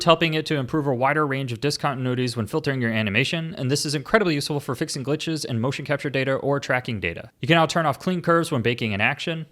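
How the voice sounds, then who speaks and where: A man hosting a scripted software update overview, with joking asides. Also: on the high side. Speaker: tech video host.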